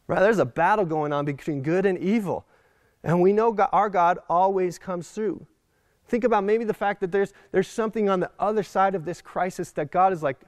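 A male pastor with a high voice preaches animatedly and slips into the voices of the people he quotes. The sound is dry and close, with no echo. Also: darkish tone. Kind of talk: sermon.

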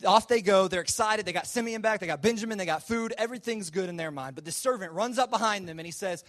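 Male preacher with a high voice, casual storyteller who acts out the quoted lines. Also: fast, a bit bright. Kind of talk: sermon retelling a scripture story.

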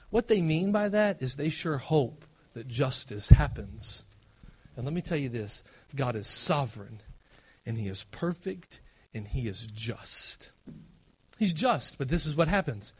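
A man preaches in a loose, self-deprecating way. His voice sits slightly high and leaps from quiet asides to loud, punchy emphasis. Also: expressive, moderate pace, breathy edge. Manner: conversational, self-deprecating preaching with big swings between loud and hushed. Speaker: pastor. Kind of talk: sermon.

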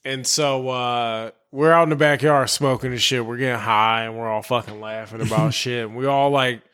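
A man from Chicago co-hosting a podcast, telling a long story in a rambling, profane way and clearing his throat often. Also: mid-range voice, fairly even intonation, normal speed, fairly bright tone. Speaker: podcast co-host. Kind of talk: casual storytelling chat.

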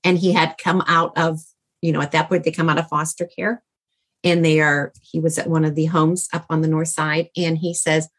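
A woman's voice: sits low, little pitch movement, moderate pace. A middle-aged woman as an interview guest, telling a personal story in a heartfelt, rambling way with many fillers and restarts.

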